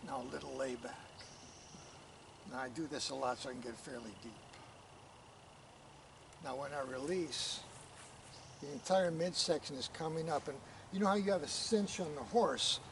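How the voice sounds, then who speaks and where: A man coaching a student through riding posture stretches with calm, step-by-step directions. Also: a little high, moderate pace, creaky, pauses often. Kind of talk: instructional coaching. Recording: distant mic, noisy outdoor background.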